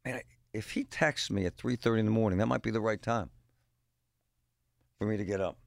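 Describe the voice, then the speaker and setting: Gravelly-voiced man joking on radio. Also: fairly low pitch, fairly quick, dry recording, clean studio sound. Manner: joking, rambling, emphatic with punchy exclamations. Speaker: radio show host. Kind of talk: casual talk-radio monologue.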